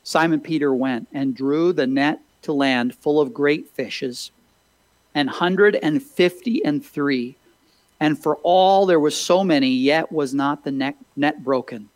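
A man's voice: on the high side, slow pace, dry recording, rough recording. A man pastor preaching a sermon, reading scripture and asking listeners rhetorical questions, with frequent "uh" fillers.

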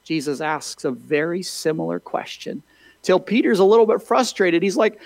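A man's voice: high voice, lively intonation, moderate pace, creaky, darkish tone, no room sound, poor audio. A man pastor preaching a sermon, reading scripture and asking listeners rhetorical questions, with frequent "uh" fillers.

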